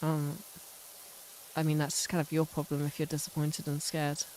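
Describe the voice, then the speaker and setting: Woman, game streamer, low voice, rambling casual chat, self-mocking, faint hiss. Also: monotone, moderate pace, a little mellow, rough recording.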